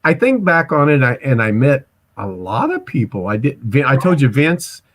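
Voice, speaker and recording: A man's voice: medium pitch, wildly swooping pitch, normal speed. A man in his forties from Missouri, telling casual stories as a guest, rambling with restarts and stammers. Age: 40s. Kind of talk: casual storytelling.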